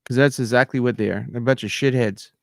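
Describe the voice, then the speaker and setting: A middle-aged man with a gravelly, creaky voice rants in loose, indignant commentary, full of fillers and restarts. His voice sits at a middling pitch and sounds close and dry, with no room around it. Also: fairly even intonation, fast, no room sound. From outside America. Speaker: channel host. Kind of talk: casual ranting commentary.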